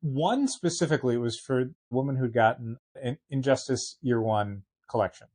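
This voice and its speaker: A man co-hosting a comic shop podcast in casual chat, quick to laugh and apologize. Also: medium pitch, expressive, darkish tone.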